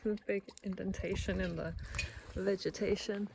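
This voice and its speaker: A woman's voice: mid-range voice, steady tone, moderate pace, gravelly, background noise. A woman chatting casually through a vlog, talking her camera through her garden, and baby-talking to her pets. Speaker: vlogger. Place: outdoors at a rural house and garden.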